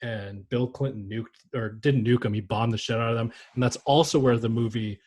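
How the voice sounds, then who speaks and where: A man's voice: medium pitch, fairly even intonation, moderate pace, darkish tone, husky. A man co-hosting a casual sports podcast, rambling and joking with frequent swearing. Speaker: podcast co-host.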